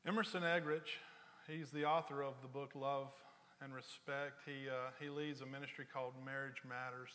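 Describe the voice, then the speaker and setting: Pastor guy giving a sermon, bright forceful voice, gets loud telling stories then goes quiet and slow. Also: flat delivery, in a large hall. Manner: storytelling, builds loud and high for anecdotes, drops low and slow for serious points.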